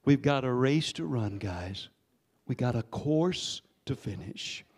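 A pastor in his sixties preaching a sermon, telling a story with sudden swings between hushed and loud delivery and calling on the congregation to respond. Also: mid-range voice, animated, slow pace, breathy edge. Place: church sanctuary.

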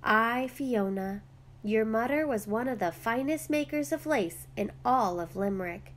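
A woman's voice: a little high, expressive, a little slow, a little hiss or hum. A woman voicing a father from a storybook, telling a courtship tale with a storyteller's lilt. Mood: wistful. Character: warm old-world Irish father telling a story.

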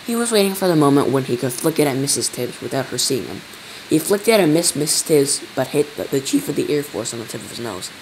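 A man reading a children's book aloud in a steady way, with small slips. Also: mid-range voice, fast talker, slight background noise, low-quality recording. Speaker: storyteller.

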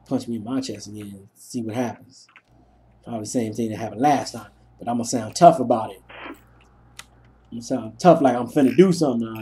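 A man's voice: medium pitch, brisk, warm tone, slight background noise. A young man narrating a gameplay session, telling rambling, self-mocking stories as he plays. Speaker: gaming commentator. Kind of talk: let's play commentary.

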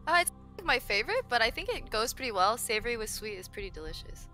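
A woman's voice: a little high, sing-song, fast, sharp tone, soft background music. A woman contestant in casual chat, teasing playfully and swearing. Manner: playful trash talk, swearing.

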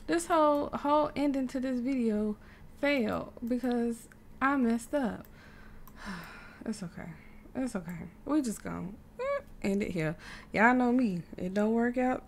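A woman's voice: a little high, unhurried, slight background noise. Chatty woman narrating her game. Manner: animated, chatty, laughs often. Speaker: gaming YouTuber. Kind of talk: casual gameplay commentary.

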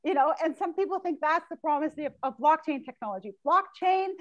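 A woman on a business school panel, talking about legal questions in an emphatic, animated way. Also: high-pitched, fairly quick, no room sound. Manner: emphatic, animated, laughs often. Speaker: law professor panelist. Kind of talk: panel discussion. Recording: dull lo-fi video call audio.

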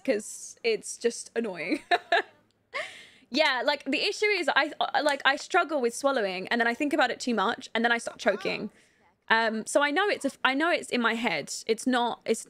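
A young woman streaming a life-sim game, chatting candidly with viewers, rambling with lots of fillers and quick to laugh. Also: a little high, expressive, fairly bright tone, dry recording. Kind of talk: casual live-stream chat while playing.

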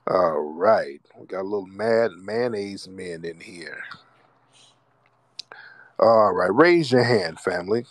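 A man's voice: low voice, animated, slow pace, long pauses, no echo. An American man hosting a call-in radio show, mocking and trash-talking his callers. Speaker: radio host.

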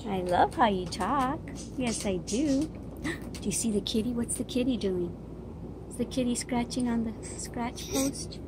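A woman's voice: a little high, a little slow, noisy background. A middle-aged woman vlogger talking baby talk to an infant at home, cooing and sing-song, recorded on a phone. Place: home, indoors.

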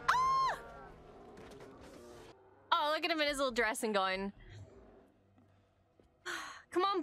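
High, lively-voiced woman reacting excitedly. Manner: emotional, exclamatory, swears often. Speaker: reaction video host. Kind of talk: casual reaction commentary.

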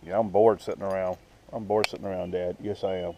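A man's voice: low voice, level tone, fast, mellow, a little hiss or hum, voice pushed down. A man voicing his small male dog, who complains in a repetitive way that he is bored.

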